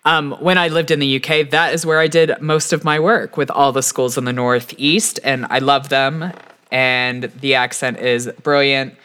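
Brief: woman podcast co-host, bright and forceful voice, blunt and casual. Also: very deep voice, fairly even intonation, normal speed, clear, resonant tone. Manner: blunt and casual, swears freely. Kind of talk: casual chat about reality TV.

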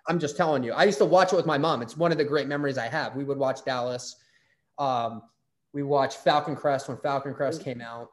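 A man's voice: mid-range voice, a little fast. A middle-aged man hosting a casual interview, telling rambling stories and swearing freely. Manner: rambling, profane, lively storyteller. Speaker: podcast host.

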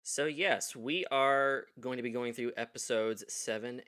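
A man hosting a podcast in casual chat, excitable and laughing often. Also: mid-range voice, unhurried, hardly any pauses. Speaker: podcast host.

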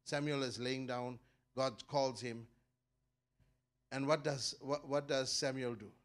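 A middle-aged man preaching a sermon as pastor, with his voice swelling loud and high on key points and then dropping low, often repeating words as he builds a thought. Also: fairly even intonation, slow pace. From South Africa.

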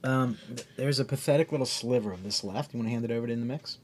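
Quick wisecracking co-host, a man. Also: medium pitch, slight background noise. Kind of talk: casual chat.

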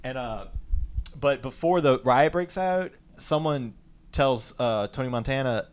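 A man retelling a movie plot in a loose, rambling podcast chat. His voice sits at a middle pitch, and his talk is peppered with fillers and "like". The delivery is casual and unhurried. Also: smooth. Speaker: podcast co-host. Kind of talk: casual film recap.

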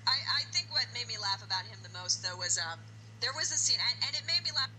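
A woman co-hosting a casual podcast chat about horror films, animated and quick to laugh, acting out movie lines. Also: fairly high pitch, a little hiss or hum, rough recording. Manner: animated, acts out movie lines in exaggerated voices, laughs often. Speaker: podcast co-host.

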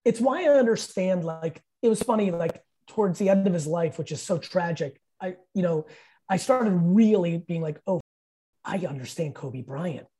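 Speaking at a moderate pace in a high, mellow voice, this podcast guest in his fifties spins profane, emphatic stories in casual conversation, voicing what people said.

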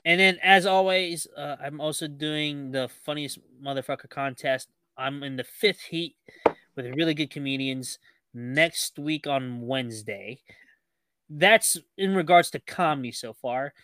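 A man's voice: fairly high pitch, unhurried, sharp tone, clear, resonant tone, dry recording. A comedian from Guam, a man, talking casually as a podcast guest and listing his upcoming shows with many fillers. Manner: upbeat, self-promoting, hesitant fillers. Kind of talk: casual interview chat.

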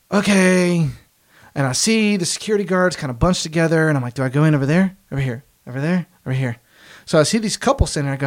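A man in his late twenties telling a story in a casual, animated way, acting out what people said and swearing freely. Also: fairly high pitch, quick pace. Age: 20s.

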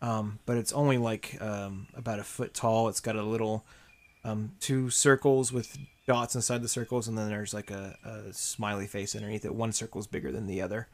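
A man narrating as game master of a tabletop game, describing scenes with many pauses and fillers. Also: on the low side, flat delivery, a little mellow. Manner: rambling descriptions with many ums and likes.

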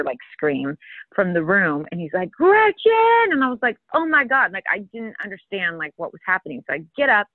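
A woman's voice: fairly low pitch, no room sound. A woman, a mother, telling a long rambling story in casual chat, full of fillers. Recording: tinny phone-like line, dry.

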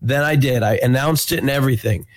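A man's voice: mid-range voice, fast. A man telling an exasperated story in a casual group voice call, swearing and mimicking people.

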